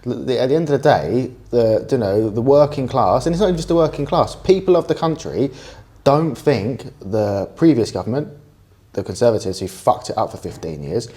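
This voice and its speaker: A man's voice: mid-range voice, animated, brisk, dark tone. A young man, co-hosting a casual podcast, rambling with frequent restarts and swearing. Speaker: podcast co-host. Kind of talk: casual banter.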